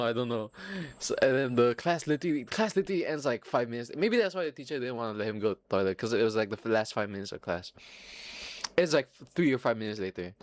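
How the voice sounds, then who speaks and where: A young man hosting a podcast, telling a rambling, profane school story in a casual monologue and laughing often. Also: medium pitch. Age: young adult. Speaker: podcast host.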